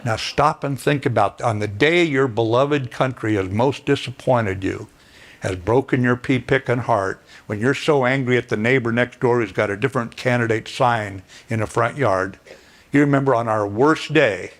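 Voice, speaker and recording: A man's voice: medium pitch, normal speed. Plainspoken older man telling a story. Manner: folksy, plainspoken, with throat clearing and fillers. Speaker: retired general giving a speech. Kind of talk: storytelling speech to an audience.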